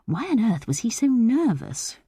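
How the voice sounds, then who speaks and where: A woman narrating an audiobook of a short story in a measured, expressive way. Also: a little high, husky, no room sound, clean studio sound.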